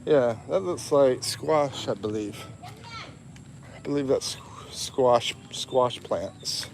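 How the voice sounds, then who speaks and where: A man's voice: medium pitch, slow pace, vocal fry, a little mellow, a little hiss or hum. A man on a casual live walking vlog, chatting, reading viewer comments aloud and laughing often. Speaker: livestream vlogger. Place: outdoors in a town.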